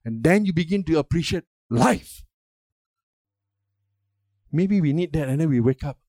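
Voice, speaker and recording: Older male pastor, emphatic sermon delivery with call-and-response, slightly high voice, dry close sound. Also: lively intonation, unhurried, mellow, no echo.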